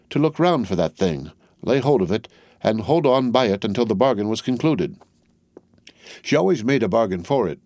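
Man, low voice, lively pitch, measured expressive novel narration, dry close sound. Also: dry recording. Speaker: audiobook narrator. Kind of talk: scripted narration of a classic novel.

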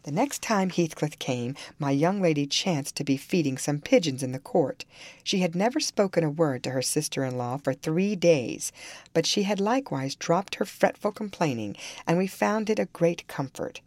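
Expressive woman reading a classic novel. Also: deep voice, moderate pace, no room sound. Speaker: audiobook reader. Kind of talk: storybook narration.

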